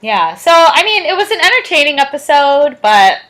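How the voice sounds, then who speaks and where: A woman's voice: high-pitched, big pitch swings, normal speed, a bit bright, poor audio. A young woman co-hosting a podcast, chatting casually and giggling as she recaps an episode. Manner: giggly, lots of fillers and laughs. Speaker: podcast co-host.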